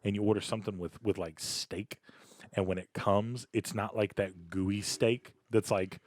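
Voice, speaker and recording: A young adult man co-hosting a podcast, telling animated stories in casual chat, with lots of repeated words and stretched-out emphasis. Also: on the low side, moderate pace, no room sound. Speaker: podcast co-host.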